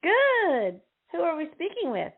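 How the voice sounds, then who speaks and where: Lively woman radio host on a tinny line. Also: very high voice, unhurried. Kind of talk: casual call-in radio hosting. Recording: tinny phone-line sound.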